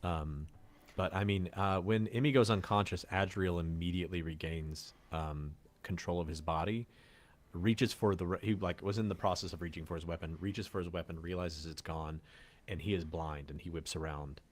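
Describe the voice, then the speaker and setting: A man's voice: low voice, fairly even intonation, normal speed. A man running a tabletop game as game master, narrating loosely with many fillers.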